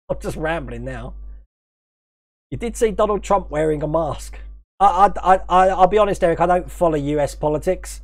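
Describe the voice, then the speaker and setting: A man's voice: on the high side, normal speed. A British man hosting a casual livestream, rambling, chuckling often and thanking viewers by name. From United Kingdom. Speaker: livestream host.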